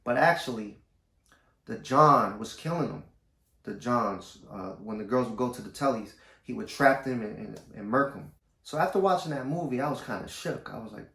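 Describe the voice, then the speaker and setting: A man telling a personal story to camera in a casual, slangy, low-key way. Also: animated, a little fast, creaky, fairly bright tone. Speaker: vlogger. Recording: roomy echo.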